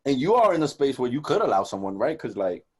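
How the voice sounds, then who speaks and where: Animated slangy young man, mellow voice. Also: mid-range voice, fast, breathy edge. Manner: animated, profane street slang, lots of quoted dialogue. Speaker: podcast co-host. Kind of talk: casual podcast conversation.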